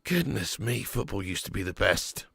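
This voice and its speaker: A man's voice: fairly low pitch, sing-song, moderate pace, creaky, a bit bright, breathy edge, dry recording. A man hosting a live football watch-along, chatting with viewers by name and commentating with sarcasm.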